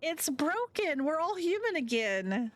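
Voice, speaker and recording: A woman voicing an excitable young woman friend in a visual novel, gushing and squealing. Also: high voice, measured pace, no echo, voice pushed up. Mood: giddy.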